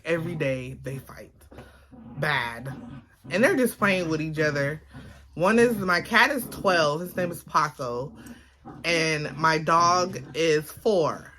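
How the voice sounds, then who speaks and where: Chatting to her phone at home, a Baltimore-accented vlogger from Maryland rambles with frequent fillers. She speaks a little slowly in a low, bright, forceful voice with lively intonation.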